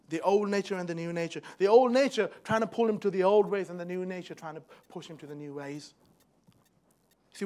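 Young male preacher, high voice, church sermon, swings from soft to fervent. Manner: builds from soft, hushed storytelling to loud, fervent exhortation. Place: church hall.

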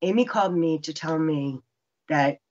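A woman's voice: sits low, normal speed, darkish tone, highs cut off. A woman in her fifties telling her own survival story earnestly, acting out what people said to her. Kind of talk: personal testimony.

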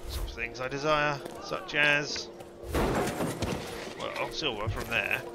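A man talks his way through a video game in a loose, rambling way, exclaiming whenever something hits him. His voice sits at an ordinary middle pitch. Loud game music plays underneath the whole time. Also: unhurried. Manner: chatty, rambling, yelps when hit. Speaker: gameplay commentator. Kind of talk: let's-play commentary.

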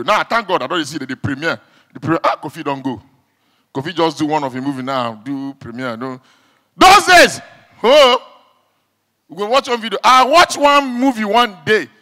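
A Nigerian Pidgin-speaking comedian with a high, bright voice that leaps all over its range. He acts out every character and shouts the sound effects. The long reverb of a live hall trails behind him. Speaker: stand-up comedian. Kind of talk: stand-up comedy routine.

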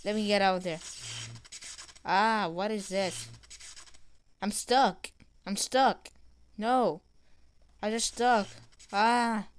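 An excitable woman narrates a game as she plays, reading the dialogue aloud. Her voice is smooth and clear, at a middle pitch. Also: takes it slowly, long pauses. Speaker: gamer. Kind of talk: gameplay commentary.

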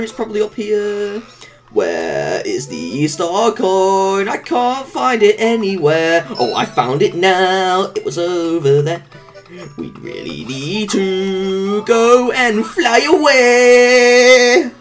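A woman commentating her own video game playthrough, excitable, coaxing her character along, humming tunes and yelping at mishaps. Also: mid-range voice, slow, faint music behind. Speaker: gameplay commentator. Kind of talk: let's-play commentary.

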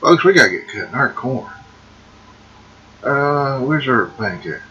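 A man giving folksy, excitable gameplay commentary and calling the viewers folks. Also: mid-range voice, a little slow, dull audio. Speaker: gaming video host. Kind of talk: casual let's-play commentary.

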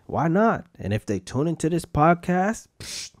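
A man's voice: fairly high pitch, sing-song, a little slow, no room sound, clean studio sound. A man hosting a podcast, talking in a rambling, self-mocking solo rant. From United States. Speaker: podcast host. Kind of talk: casual solo podcast monologue.

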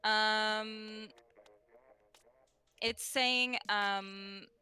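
A woman chatting casually as a guest on a gaming stream, quick to get excited. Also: medium pitch, clear, resonant tone. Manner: excitable, gasps at cute things.

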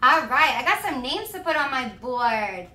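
A young woman streaming live, chatting with viewers and thanking them in a bubbly, gushing way with excited shouts. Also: high voice, moderate pace, far from the mic. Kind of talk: live stream chat, reading donations. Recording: echoey room, voice a little off-mic.

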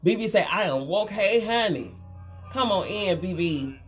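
A woman, hosting a casual makeup livestream and chatting warmly with viewers. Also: medium pitch, lively intonation, unhurried. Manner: chatty, reads viewer comments aloud, calls them girl and honey. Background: faint Christmas music.

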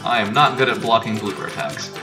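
A man's voice: on the low side, quick pace. A man casually commenting as he plays a video game, offhand and joking. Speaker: let's player. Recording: distant mic with loud game music.

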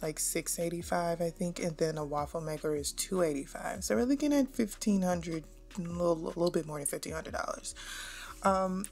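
A woman's voice: fairly low pitch, darkish tone. A young adult woman hosting a gaming channel, chatting straight to her viewers as she plays. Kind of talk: casual gameplay commentary.

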